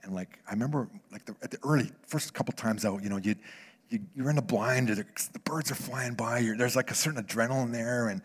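Guy preaching in a big echoey church hall, goes from hushed to loud, repeats himself a lot. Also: medium pitch, brisk, husky. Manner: shifts from hushed near-whispers to loud animated bursts; repeats words and restarts phrases. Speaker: pastor. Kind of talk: sermon.

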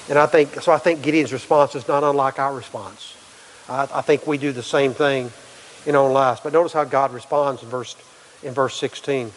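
A man's voice: mid-range voice, fairly even intonation, moderate pace, long reverb tail, slight background noise, poor audio. A pastor delivering a conversational sermon, acting out quotes and often repeating words as he goes.

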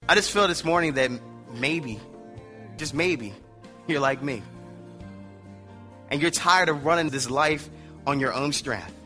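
A man preaching a sermon, emphatic at times and dropping quiet at others, telling a story to make his point. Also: fairly high pitch, slow, long pauses, faint music behind.

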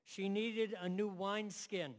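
A man's voice: high voice, steady tone, unhurried, long reverb tail. A man preaching a sermon to a room and online audience, emphatic, building phrases in repeated lists.

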